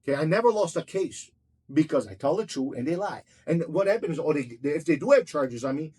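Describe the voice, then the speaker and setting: Fast-talking husky man, heated and profane. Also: a little high, animated, a little mellow. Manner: blunt, heated, swears constantly, acts out every exchange. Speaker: restaurant owner. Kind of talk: profane anecdotal storytelling in an interview.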